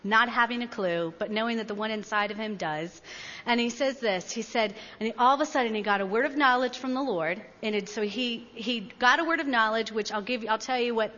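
A woman preacher telling a story in a sermon, animated and laughing easily. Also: fairly high pitch, fairly quick. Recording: dull, echoey hall recording.

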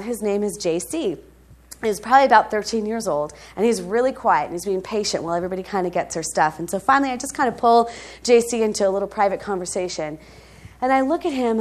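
A woman preaching a sermon and telling a personal story, moving from emphatic highs to soft, quiet stretches, with frequent laughs between phrases.

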